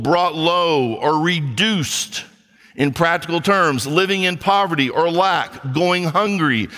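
Man, pastor, chatty sermon, high voice, long church reverb. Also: sharp tone. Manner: conversational preaching, acts out dialogue.

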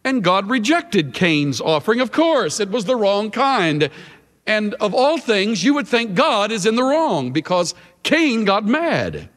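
A man's voice: sits high, sing-song, unhurried, a bit bright, long reverb tail. A man preaching a sermon as a Bible teacher, emphatic with dramatic shifts of emphasis.

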